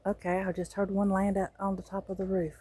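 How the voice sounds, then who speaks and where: Speaking briskly in a medium pitch with a little hiss or hum, a woman with a Southern US accent vlogs a joking tour of her backyard garden and its chickens, phone in hand. She chats animatedly, sliding from muttering to loud exclamations.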